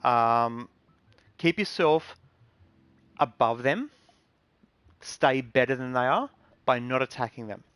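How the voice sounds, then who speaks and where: Male streamer, mid-pitched, earnest and rambling, dry close sound. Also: takes it slowly, long pauses, a bit bright, clear, resonant tone, dry recording. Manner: rambling, earnest advice with many ums and restarts. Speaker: game streamer. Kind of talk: casual live-stream talk.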